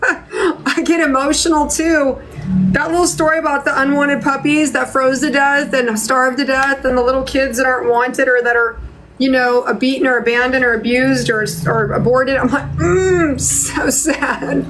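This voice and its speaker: A woman's voice: high-pitched, level tone, normal speed, a bit bright, soft background music, rough recording. A woman hosting a live psychic reading stream, chatting to viewers in an emotional, choked-up way. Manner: tearful, choked up. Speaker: psychic medium host.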